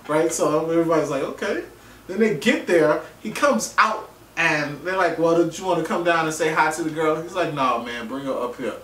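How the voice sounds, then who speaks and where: At normal speed and in a fairly high voice, a vlogger reviewing a TV episode gives a casual, cursing, jokey rundown, performing the quotes with animation. It's recorded from a distance in a roomy space with faint ambience.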